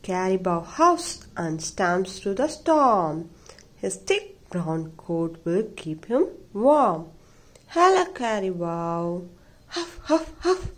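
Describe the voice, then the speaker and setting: A woman's voice: fairly low pitch, very animated, slow. A woman reading a children's picture book aloud in a playful, sing-song way. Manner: sing-song, playful, imitates animal sounds. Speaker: storybook reader.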